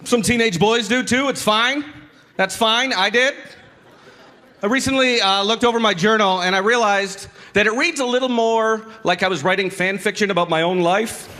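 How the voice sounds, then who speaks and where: A man's voice: sits high, normal speed, sharp tone. A man doing self-deprecating, mock-earnest stand-up about his teenage years on a club stage. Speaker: stand-up comedian. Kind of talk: stand-up comedy, deadpan storytelling. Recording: live recording with audience noise.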